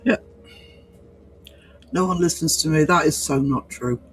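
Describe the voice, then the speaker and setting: A man's voice: on the high side, unhurried, faint music behind, low-quality recording. Hesitant man. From North East England. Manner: hesitant, many fillers and restarts. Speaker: livestream host. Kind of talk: casual chat reading viewer comments.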